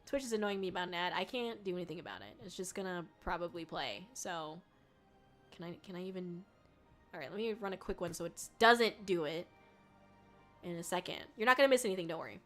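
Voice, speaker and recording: A young woman streaming live, chatting casually with viewers, rambling and swearing often, and shrieking with excitement when she thanks them. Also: fairly low pitch, fairly quick, soft background music. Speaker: VTuber streamer.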